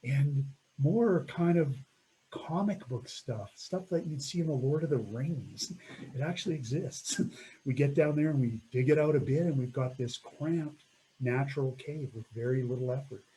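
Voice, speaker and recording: A middle-aged man telling an animated story about a mountain climb, laughing often and acting out what people said. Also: medium pitch, normal speed, slight background noise, low-quality recording. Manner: animated, laughs often, acts out quoted voices. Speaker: mountaineer recounting a first ascent. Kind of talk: storytelling talk.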